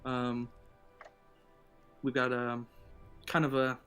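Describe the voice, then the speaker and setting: A man voicing a tired city guard captain who talks softly and hesitantly, full of pauses. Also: mid-range voice, monotone, clean tone, faint music behind. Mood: weary, evasive. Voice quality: soft-spoken, hesitant, filler-heavy.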